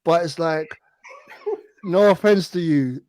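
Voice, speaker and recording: A man's voice: on the high side, takes it slowly, darkish tone, no room sound. A man co-hosting a podcast in casual chat, bantering with a laugh and acting out what he said to others. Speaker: podcast co-host.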